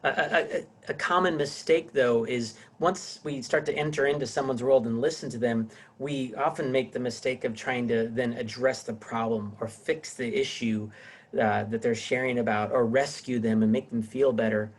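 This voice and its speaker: A man's voice: mid-range voice, fairly even intonation, moderate pace. A middle-aged man teaching a casual class over a video call, rambling with many restarts. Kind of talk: casual online class lecture.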